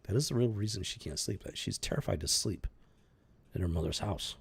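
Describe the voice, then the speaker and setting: Deep gravelly husky man. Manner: halting, earnest, repeats and restarts phrases. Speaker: channel host commenting on a news story. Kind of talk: casual spoken commentary.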